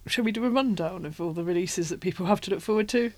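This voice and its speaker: A woman from Britain co-hosting a casual chat, easygoing and agreeable with some gentle teasing. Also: lowish voice, fast, dry recording. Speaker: podcast co-host, writer.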